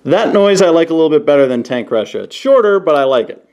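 A man casually reviewing toys on camera, playful, often breaking into goofy high-pitched exclamations. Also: sing-song, fast talker, dull audio, heavy background noise. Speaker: toy reviewer. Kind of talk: casual hands-on product review. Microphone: camera he sets up himself.

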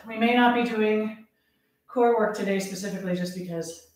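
A woman's voice: mid-range voice, steady tone, moderate pace, darkish tone, a little hiss or hum. A woman fitness instructor leading a live workout, counting reps aloud, out of breath and laughing at herself. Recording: echoey room, voice from a distance.

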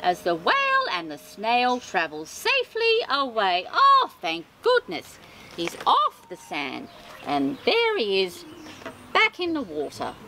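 A woman reading a children's storybook aloud as host, expressive and sing-song, with chatty asides of sympathy. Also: fairly high pitch, a little slow, low-quality recording. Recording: reading over background music. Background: music.

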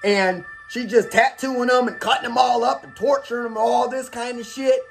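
High-voiced man ranting and swearing. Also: fairly even intonation, moderate pace, gravelly, soft background music. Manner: rambling, swears a lot, acts out scenes. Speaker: host recommending movies. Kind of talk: casual profane comic rant.

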